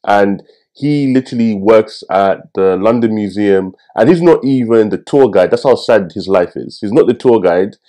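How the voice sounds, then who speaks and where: Young male reviewer, deep-ish warm tone, casual ranting with cheeky asides. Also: moderate pace. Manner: animated, swearing, jokey asides. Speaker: film review host.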